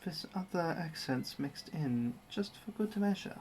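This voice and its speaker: A livestreamer chats casually while building a model kit, wry and easygoing as each step is narrated. The voice sits at a middle pitch. A faint hiss of noise runs underneath. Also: expressive, unhurried, a little mellow. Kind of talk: casual live-stream commentary.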